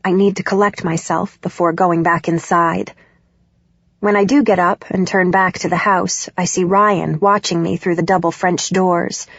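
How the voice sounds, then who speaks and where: A woman reading a novel aloud in the first person, expressive and emotional in the dialogue. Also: fairly low pitch, moderate pace, no room sound, muffled recording. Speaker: audiobook narrator.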